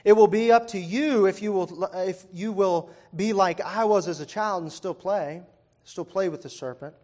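A young man from Virginia preaches in a slightly higher register than most men. He talks to his congregation easily, throwing out questions and dry little jokes. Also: moderate pace, a little mellow. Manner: conversational, asks the congregation questions, wry asides. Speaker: pastor. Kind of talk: sermon. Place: church hall before a congregation.

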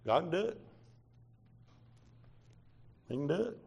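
A man's voice: a little high, sing-song, a little slow, gravelly, darkish tone, slightly rough. Folksy preacher man. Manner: folksy storytelling with quoted dialogue. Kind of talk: sermon testimony.

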